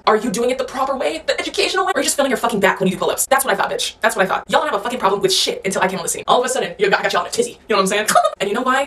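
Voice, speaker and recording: Brash, rapid-fire roasting woman. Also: medium pitch, fairly bright tone, a little hiss or hum. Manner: brash, profane, laughing often. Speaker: content creator. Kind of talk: roasting commentary video.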